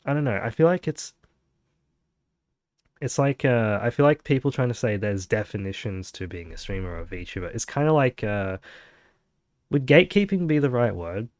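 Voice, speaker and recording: A man's voice: medium pitch, a little mellow, no room sound. A young man hosting a casual podcast chat, rambling with many fillers. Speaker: podcast host.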